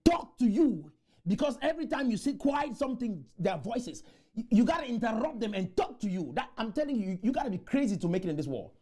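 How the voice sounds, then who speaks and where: A man's voice: very high voice, very animated, a little fast. Man, fiery exhorting speaker. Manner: exhorting, repetitive chants, bursts into shouts. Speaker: motivational speaker. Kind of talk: motivational conference speech. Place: conference room.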